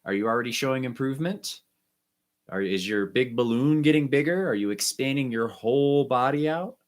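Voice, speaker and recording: A man teaching an online music lesson, guiding students through breathing and warm-up exercises with short, encouraging instructions. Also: mid-range voice, lively intonation, brisk.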